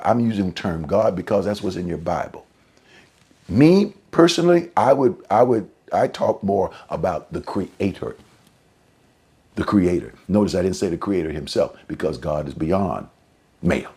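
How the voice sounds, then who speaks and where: Low, husky-voiced male preacher. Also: normal speed. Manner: conversational preaching, restarts and repeats phrases; sudden rises in pitch and loudness for emphasis. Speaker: pastor. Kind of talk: sermon.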